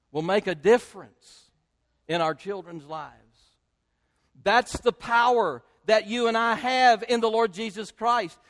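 Older guy preaching, pretty high voice, builds up then goes real quiet, big church reverb. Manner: swings between loud emphasis and hushed, drawn-out phrases; repetitive, rhetorical build-ups. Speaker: pastor. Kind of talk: sermon. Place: church sanctuary. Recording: long hall reverb.

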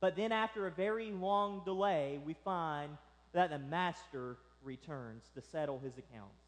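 High-voiced male pastor preaching in a hall. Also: unhurried. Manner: lively storytelling, acting out characters. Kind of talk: sermon.

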